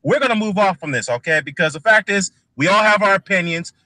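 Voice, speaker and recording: A man's voice: high-pitched, fast talker, sharp tone, dry recording. A man hosting a heated panel argument, insistent and repeating himself.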